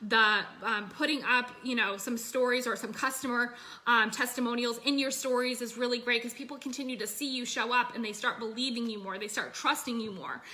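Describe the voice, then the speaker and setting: A woman's voice: a little high, steady tone, brisk, bright, forceful tone, slight background noise. A woman business coach talking casually and energetically to her online group from her phone, full of fillers and "you guys".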